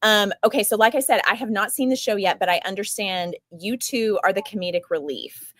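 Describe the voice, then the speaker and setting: A woman's voice: medium pitch, a little fast, a bit bright, no room sound. A woman hosting a live chat, gushing and enthusiastic about the show. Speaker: host. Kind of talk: casual live interview.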